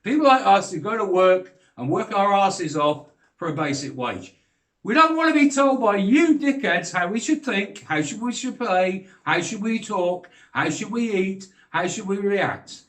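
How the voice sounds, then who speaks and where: A man's voice: high-pitched, a bit bright, reverberant. An older British man delivering a blunt, sweary, heated rant straight to camera. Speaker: vlogger. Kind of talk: ranting monologue.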